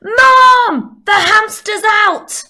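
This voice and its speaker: A woman voicing her young sons yelling in alarm for their mum, with a slight Southwest English accent and loud high shouting. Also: drawn-out words, heavily acted.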